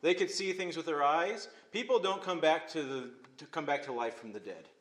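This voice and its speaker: A male pastor preaching a sermon, swinging between emphatic loud phrases and hushed, quiet ones. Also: on the high side, expressive, normal speed. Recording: echoey room.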